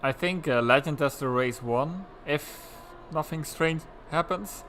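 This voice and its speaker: A man's voice: fairly high pitch, measured pace, a bit bright, slight background noise. A man giving casual, chatty live commentary on an online sim-racing league race. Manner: casual, chatty, breaks into laughs.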